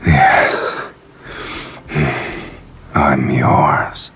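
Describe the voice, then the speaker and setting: An actor voicing a seductive, teasing male love interest in a dating game, with a slow, breathy delivery. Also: rumbling low, flat delivery, fairly bright tone, soft background music, full character voice.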